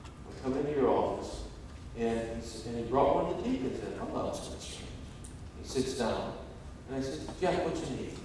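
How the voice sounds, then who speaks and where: Male pastor, sermon, storytelling, loud emphatic peaks, distant mic, long echo in a big church. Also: mid-range voice, expressive, normal speed, background noise. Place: large church sanctuary. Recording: echoey hall, distant mic.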